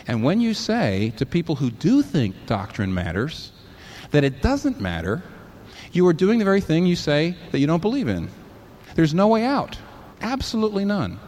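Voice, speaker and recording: A man's voice: mid-range voice, very animated, fairly quick, darkish tone. A man preaching a sermon, arguing hard and firing rhetorical questions at imagined objectors.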